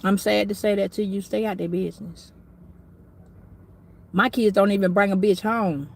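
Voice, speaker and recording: A woman's voice: medium pitch, fairly even intonation, moderate pace, vocal fry, slight background noise. A middle-aged woman giving a casual astrology reading, talking bluntly, preachily and with plenty of swearing. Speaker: tarot reader.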